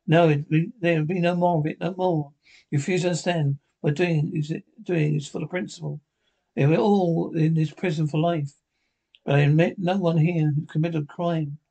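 Gravelly, husky man reading a script haltingly. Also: fairly high pitch, warm tone. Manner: halting, stumbles and restarts words. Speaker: narrator reading all parts. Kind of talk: amateur reading of a TV episode script.

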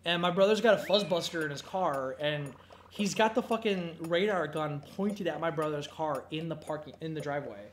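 A man's voice: on the high side, moderate pace, slight background noise. Rambling, profane young man telling stories. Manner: rambling, profane, full of fillers. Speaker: gameplay commentary host. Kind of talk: casual storytelling chat. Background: faint game music.

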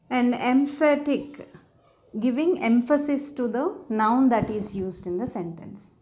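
A woman teaches a grammar lesson at an unhurried, deliberate pace. Her voice sits a little high, and she checks often that her listeners are following. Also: dark tone. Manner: patient, slow explaining with frequent "okay?" checks. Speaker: English teacher. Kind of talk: explaining grammar to viewers.

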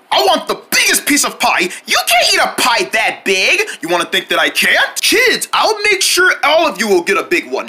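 Wildly swooping homemade cartoon voice. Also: mid-range voice. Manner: jumps between many character voices with frequent shouted exclamations and sneezes. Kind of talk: homemade cartoon voice acting with promo announcements.

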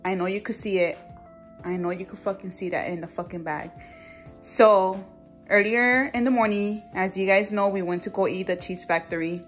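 A woman in her late twenties talking casually to her viewers as a vlogger, chatty and excitable, swearing often. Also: medium pitch, moderate pace, faint music behind. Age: late 20s. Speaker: vlogger, boutique owner. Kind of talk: casual vlog chat.

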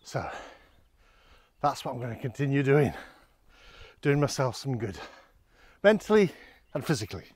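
A man's voice: medium pitch, sing-song, normal speed, pauses often, husky. A man narrating a casual walking vlog outdoors in open countryside, chatty and rambling, a little out of breath on the climbs. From Scotland. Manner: chatty, rambling, self-deprecating. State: out of breath on an incline. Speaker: vlogger on a countryside hike.

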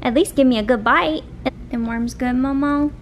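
Young southern woman vlogging, high sweet baby talk to her hamster, faint room hum. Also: normal speed. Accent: Southern American. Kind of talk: casual pet vlog.

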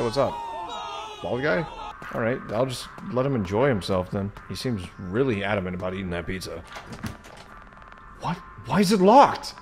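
A man commentating his own solo play of a horror game, chatty and jokey, shrieking when startled. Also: medium pitch. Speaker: gaming channel host.

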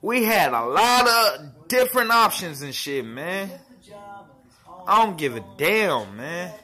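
A man delivers a heated, profanity-laced fan rant, circling back to the same complaints again and again. His voice sits a little high and has a sharp, bright edge. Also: sing-song, slow pace. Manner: profane and heated, repeats himself. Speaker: sports fan vlogger.

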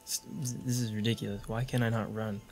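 A man's voice: fairly low pitch, flat delivery, a little fast, faint music behind. A man giving joking, sarcastic commentary while playing a video game, with audible mouth clicks. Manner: joking, sarcastic running remarks. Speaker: gaming video creator.

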